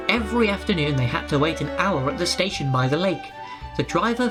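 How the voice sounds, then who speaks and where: A narrator reading a children's storybook aloud at a medium pitch, brisk and clear, with soft music underneath.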